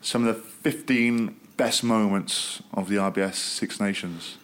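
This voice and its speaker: A man's voice: fairly low pitch, fairly even intonation, a little slow, fairly bright tone. A man, a former rugby player, telling jokey stories in a casual podcast chat. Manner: storytelling, joking, laughs at own jokes.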